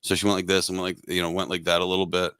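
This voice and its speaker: Smooth, flat-voiced low man. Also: very fast, dry recording. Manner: joking, crude banter. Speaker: podcast host. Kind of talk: casual chat.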